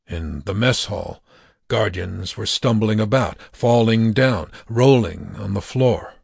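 Slow gravelly male narrator. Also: on the low side, no echo, clean studio sound. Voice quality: gravelly, husky. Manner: slow, measured reading with acted dialogue. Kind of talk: audiobook narration.

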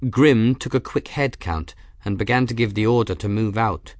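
A man narrating an audiobook chapter in a steady, even storytelling manner. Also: on the low side, moderate pace, dry recording, studio quality. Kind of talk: scripted narration.

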